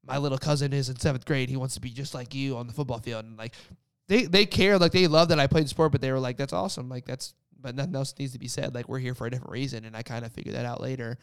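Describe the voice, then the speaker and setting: Gravelly young man telling his story. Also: mid-range voice, steady tone, quick pace, hardly any pauses, dry recording, studio quality. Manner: casual, rambling with many "like" fillers. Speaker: guest sharing a faith story. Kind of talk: casual testimony chat.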